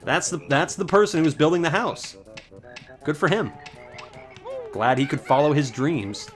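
A man's voice: a little high, normal speed, music in the background. A man doing casual let's play commentary, joking and irreverent and cursing freely as he plays. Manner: joking, irreverent, swears often. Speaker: gaming commentator.

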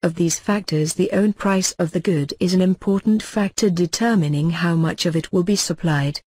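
A man reading economics lecture notes aloud as a lecturer, in a measured, formal textbook delivery. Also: sits high, darkish tone, no room sound.

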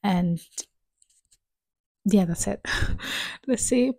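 A woman's voice: medium pitch, no room sound. A woman hosting a reaction video, chatting casually and laughing often as she watches. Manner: relaxed, unhurried, laughs often.

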